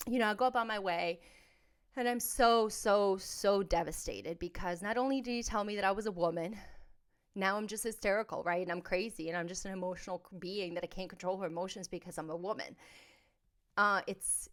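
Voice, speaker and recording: A woman hosting a podcast, telling a personal story in a candid, blunt and emphatic way, moving between soft asides and loud outbursts. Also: mid-range voice, normal speed. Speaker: podcast host.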